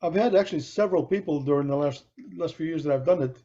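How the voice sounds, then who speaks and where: Here a middle-aged podcast co-host with a fairly high pitch speaks at a quick pace, telling a long anecdote in casual chat. He brings the story's people to life by acting out their voices, with lots of restarts, on a dull lo-fi recording.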